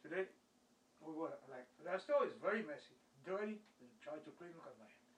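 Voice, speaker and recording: A man's voice: on the high side, lively intonation, a little fast. A tired man casually telling a friend about trouble at his store job, animatedly acting out the arguments in non-native English grammar. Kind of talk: casual storytelling chat. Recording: roomy sound from a distance, faint background noise.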